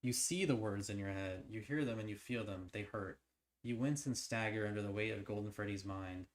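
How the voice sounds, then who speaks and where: A man's voice: lowish voice, a little fast. A man streaming as he reads an interactive horror novel aloud, now and then tripping over words and breaking off to theorize eagerly. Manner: stumbles and restarts while reading, then breaks into excited theorizing. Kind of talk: reading a novel aloud on a livestream.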